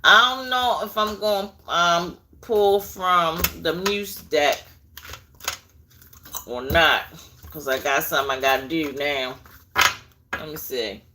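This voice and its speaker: A woman's voice: low-pitched, slow pace, long pauses, noisy background. A woman giving a live tarot reading, chatting directly to her viewers and drifting into asides as she goes. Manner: chatty, addresses viewers directly, digresses while searching for things. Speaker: tarot reader.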